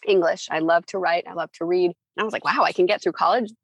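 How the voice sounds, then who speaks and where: A middle-aged woman, a former publicist, telling her story in a relaxed, chatty interview. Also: lowish voice, quick pace, gravelly, husky, no echo. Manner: chatty, acts out quoted people. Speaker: guest, former entertainment publicist.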